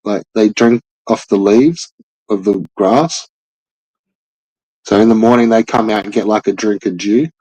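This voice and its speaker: A man's voice: lowish voice, measured pace, pauses often, dark tone, no echo, poor audio. A young man hosting a casual chat, rambling loosely with lots of filler words and swearing. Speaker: podcast host.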